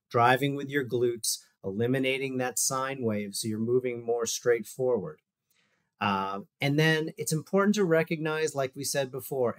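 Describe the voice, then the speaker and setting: A man, a physical therapist, giving a loose, conversational talk over a video call while walking through exercise videos, with fillers and asides. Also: mid-range voice. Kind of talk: casual presentation over shared screen.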